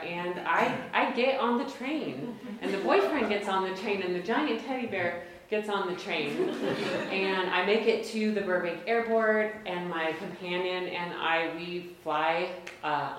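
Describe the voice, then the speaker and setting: A woman in her late thirties telling a personal story to an audience, conversational and self-deprecating, with quick asides. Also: fairly low pitch, a little hiss or hum. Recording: very echoey hall.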